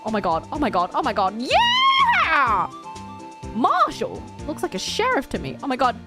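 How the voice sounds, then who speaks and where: A woman streaming a game with excitable, squealing reactions over game music. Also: on the high side, racing. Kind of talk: gameplay commentary.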